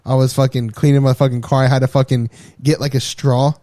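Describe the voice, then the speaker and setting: A man co-hosting a podcast in casual chat, telling stories with energy and lots of swearing, and acting out what people said. His voice sits at a middle pitch. The sound is dry and close, with no room echo. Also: brisk. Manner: animated, profane storyteller who acts out quotes and laughs often. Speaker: podcast co-host.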